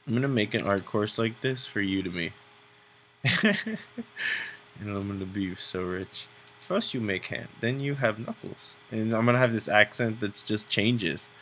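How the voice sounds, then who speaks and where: Gravelly young man rambling while drawing. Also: lowish voice, measured pace, a bit bright, a little hiss or hum. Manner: rambling, joking, self-mocking. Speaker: drawing tutorial host. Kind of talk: casual narration while drawing.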